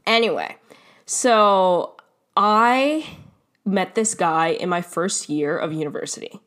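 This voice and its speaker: A young Canadian woman with a slightly low voice hosts her own podcast, chatting freely about her life. She rambles off on asides, laughs as she goes and swears casually. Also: slow pace, fairly bright tone. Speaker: podcast host. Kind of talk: casual solo podcast storytelling.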